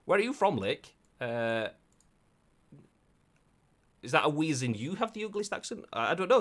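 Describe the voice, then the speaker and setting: Male game news host, animated delivery, rambling jokey asides while reading articles. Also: medium pitch, moderate pace, pauses often. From United Kingdom. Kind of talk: casual live-stream news chat.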